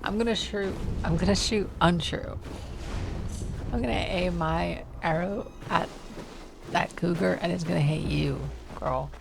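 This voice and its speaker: A young woman giving casual, joking commentary over gameplay, often incredulous and quick to laugh. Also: lowish voice, creaky, noisy background. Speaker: gameplay streamer. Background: game music.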